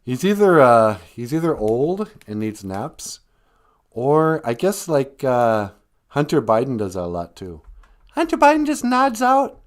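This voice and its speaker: Minnesotan male host, slow, lively pitch, joking monologue. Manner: rambling, joking, laughs at his own jokes. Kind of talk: comedic live-stream monologue.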